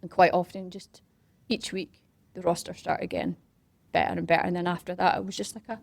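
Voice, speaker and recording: Animated woman telling a story. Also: on the low side, a little fast, creaky. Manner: animated, acts out quoted voices and whispers for effect. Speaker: interview guest, parkrun organiser. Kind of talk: casual storytelling.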